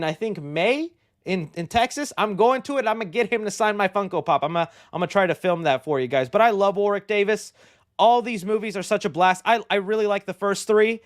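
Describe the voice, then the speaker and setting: A man hosting a movie news show, talking in an excitable, slangy and rambling way. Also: high-pitched, dry recording, studio quality. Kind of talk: casual movie news commentary.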